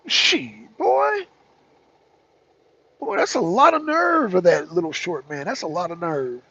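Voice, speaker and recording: A man rants through heated political commentary, hammering his points with repetition and mocking asides. His voice sits high and husky. The sound is dull and lo-fi. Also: very animated, moderate pace, bright, forceful tone. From United States. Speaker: talk show co-host.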